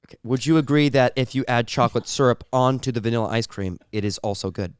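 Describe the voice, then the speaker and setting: A man's voice: medium pitch, fairly even intonation, fast talker, clean tone, no room sound. Man arguing in mock-serious debate. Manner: mock-serious arguing, stumbling repetitions, laughing at own jokes. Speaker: podcast co-host.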